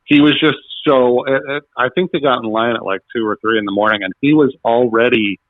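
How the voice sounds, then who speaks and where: Speaking at a medium pitch and a little fast, with no echo, this man appears as a podcast guest. The sound is dull, dry and lo-fi as he animatedly tells stories, performing the quotes and laughing.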